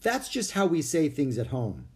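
A man's voice: a little high, wildly swooping pitch, normal speed, voice pushed up. A man doing a nervous, hesitant young boy. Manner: hesitant, with fillers.

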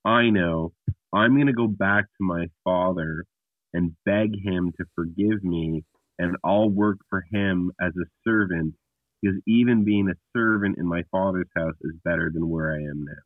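A humbled son, down on his luck, talks himself into going home in a rueful tone, as a man puts him on. The sound is low and comes over a thin, phone-like line. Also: moderate pace, no room sound. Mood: remorseful. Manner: rueful, self-pleading. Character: humbled, repentant young man.

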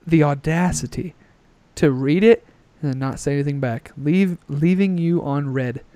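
Young male podcast co-host, brisk profane rants, smooth tone, dry headset sound. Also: a little high, no echo. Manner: ranting, profane, animated. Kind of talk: casual podcast chat.

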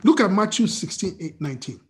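A man preaching a sermon as pastor, animated, quizzing his listeners with questions and answering them himself. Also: sits high, a little fast. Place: church service streamed on video call.

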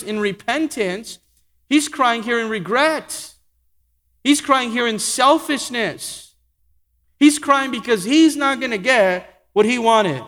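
A pastor preaching a sermon with emphatic delivery, slowing and speeding up for effect and repeating key phrases. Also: male voice, high voice, fairly bright tone. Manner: emphatic preaching, varying pace and volume. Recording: echoey hall with long reverb.

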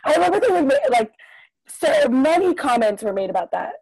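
A young woman in her twenties chatting casually, giggly and animated as she tells stories. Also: high voice, fairly quick, dry recording. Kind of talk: casual chat reminiscing. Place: outdoors in sun.

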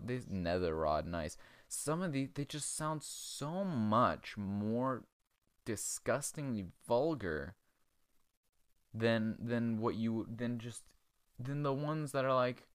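Brief: male comedy host, low voice with a very lively swing, crude and rambling, dry close sound. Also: no room sound. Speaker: podcast host. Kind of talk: casual comedic chat.

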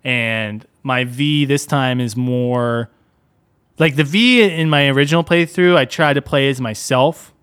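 A young man in casual podcast chat, mid-pitched and relaxed. He rambles freely, peppering his talk with fillers and "dude". The tone stays easygoing and conversational throughout. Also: a little slow, clear, resonant tone. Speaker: podcast co-host.

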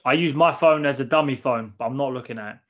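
A man's voice: medium pitch, fast. Blunt guy swearing a lot, chatting with mates, bit dull muffled sound. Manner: blunt, sweary, repeats himself. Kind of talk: casual banter. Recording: slightly dull lo-fi audio.

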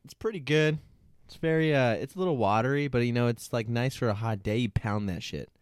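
A man's voice: medium pitch, fairly quick, clean tone, no room sound, studio quality. A young man co-hosting a podcast in casual chat, joking, swearing and laughing a lot. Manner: laughing, swearing, jokey banter. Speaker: podcast co-host.

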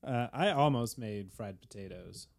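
Man, fairly low voice, teasing, casual movie-watching chat. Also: animated, measured pace, creaky.

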